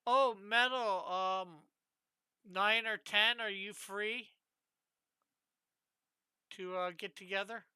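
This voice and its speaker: A woman's voice: mid-range voice, steady tone, takes it slowly, long pauses, pushed and bright, smooth, dry recording. A woman hosting a live drawing stream, chatting in a meandering, giggly way. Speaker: stream host and comic artist. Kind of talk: casual live-stream chat.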